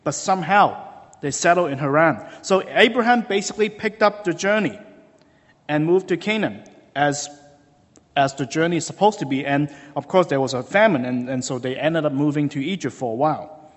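Animated preacher man in a reverberant hall. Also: a little high, normal speed. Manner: animated storytelling, acts out quoted voices. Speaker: pastor. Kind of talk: sermon.

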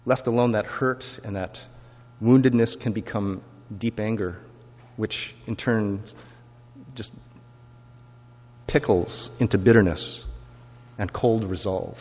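Slow and prone to frequent pauses, a male pastor speaks in a somewhat low voice with fairly even intonation, easing into rhetorical questions during a reflective sermon. The recording is dull and lo-fi, and a long reverb rings through the church hall.

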